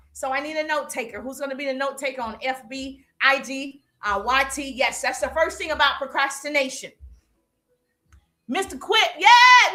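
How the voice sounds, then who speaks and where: A high-pitched woman with a Southern accent coaches her live-stream audience, pushing them with repeated punchy phrases. Her voice is bright and forceful, and she talks straight to the viewers like a hype coach. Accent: Southern American. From American South. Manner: energetic, exhorting, repeats phrases, addresses viewers directly. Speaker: business coach. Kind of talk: live-stream motivational talk.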